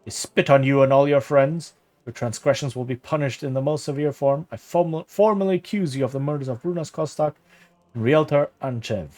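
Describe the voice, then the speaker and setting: A man's voice: medium pitch, brisk, a little mellow, close to an everyday voice. A man voicing a stern older male keeper who formally accuses someone, reading the game dialogue aloud in a plain voice.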